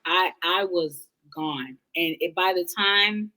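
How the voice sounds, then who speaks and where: Earnest young woman, somewhat low voice. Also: takes it slowly, bright, forceful tone, poor audio. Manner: earnest, thoughtful, speaks in long run-on reflections with restarts. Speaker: interview guest, musician. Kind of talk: candid casual conversation.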